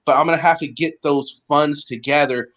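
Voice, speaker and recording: A man's voice: fairly high pitch, fairly even intonation, normal speed, a bit bright. A man hosting a casual call-in chat, laid-back, laughing easily and repeating himself. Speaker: host.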